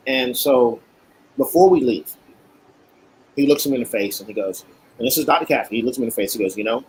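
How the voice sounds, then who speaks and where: A cigar maker appears as a guest, a man with a middle-range voice who tells casual stories with lively animation, acting out the quotes of the people he describes. The recording is fairly quick-paced and low quality, with a faint hiss running underneath.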